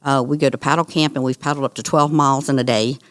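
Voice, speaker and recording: A middle-aged woman, a guest on an interview, telling her story in an earnest, animated way. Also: very deep voice, quick pace, no echo, clean studio sound. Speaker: guest, cancer survivor. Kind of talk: conversational interview.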